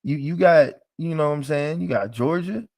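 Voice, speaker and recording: A man's voice: fairly high pitch, moderate pace, a little mellow. A man teaching a live class in a casual, emphatic, joking way, with frequent restarts.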